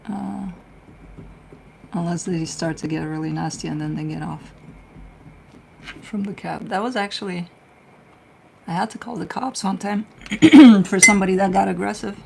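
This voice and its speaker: A woman's voice: medium pitch, normal speed, creaky, pauses often, noisy background. A middle-aged woman hosting a casual tarot livestream, chatting with viewers in a blunt, laid-back way, swearing freely and laughing often. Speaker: tarot reader and livestream host. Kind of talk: casual livestream chat, answering viewer comments.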